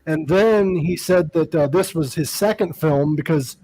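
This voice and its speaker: A man's voice: fairly high pitch, unhurried, mellow, poor audio. A man hosting a podcast in a casual chat, laughing often and swearing loosely while reading fan questions. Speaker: podcast host.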